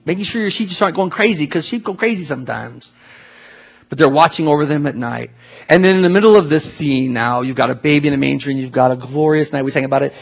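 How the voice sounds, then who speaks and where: Gravelly, husky-voiced man preaching. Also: fairly high pitch. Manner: conversational, animated preaching with asides and questions to the congregation. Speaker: pastor. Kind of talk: sermon.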